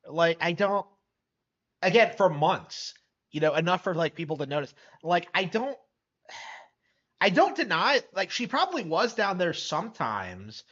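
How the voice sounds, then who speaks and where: A man's voice: high-pitched, very animated, measured pace, fairly bright tone, muffled recording. A man reacting on a live stream, skeptical and incredulous, rambling with lots of fillers.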